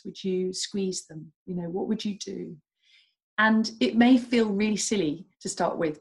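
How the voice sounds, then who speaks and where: A woman, a doctor and coach, explaining calmly and gently as a guest in a podcast interview. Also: mid-range voice, breathy edge, poor audio.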